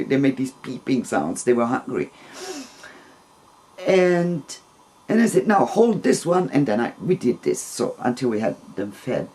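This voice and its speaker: A man telling a long personal story in a casual, rambling, gentle way, with soft laughs between phrases. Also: mid-range voice, slight background noise.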